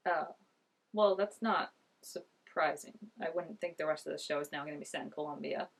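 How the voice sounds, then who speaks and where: A woman's voice: low-pitched, moderate pace. A young woman reacting to a TV episode in casual commentary, chatty and gushing, laughing often and saying "like" a lot. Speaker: TV reaction vlogger.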